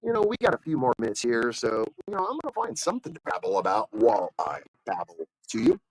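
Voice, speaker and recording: This livestream host speaks fast at medium pitch, rambling through a long story with many fillers and restarts. He brings it to life by acting out other people's lines, and the poor audio has no room sound.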